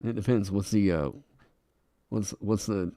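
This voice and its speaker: A man's voice: fairly low pitch, steady tone, a little slow, warm tone, no echo, studio quality. A man chatting casually on a live stream into a desk microphone. He rambles, laughs often and swears freely. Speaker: streamer designing a game class.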